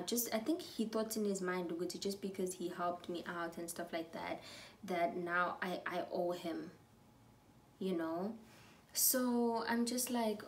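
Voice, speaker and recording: A young woman telling a storytime while getting ready, chatty and animated, sometimes dropping to a whisper. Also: on the low side, a little slow, slight background noise. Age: young adult. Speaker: vlogger.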